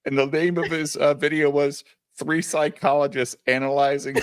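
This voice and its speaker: A man's voice: fairly high pitch, normal speed, slight background noise. A man telling stories in a casual, profane livestream chat, acting out what others said. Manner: profane, animated storytelling with quoted voices. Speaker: podcast co-host.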